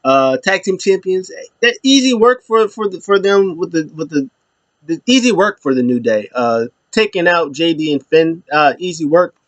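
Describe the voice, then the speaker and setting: A man's voice: fairly high pitch, animated, normal speed, no room sound. A man hosting his own show, giving a casual, rambling recap with many restarts. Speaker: show host.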